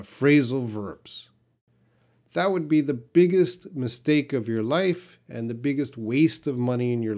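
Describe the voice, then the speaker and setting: A man's voice: medium pitch, darkish tone. A man from Canada, an English teacher, reading out viewer questions on a live stream and answering them in a plain, direct, sometimes blunt way.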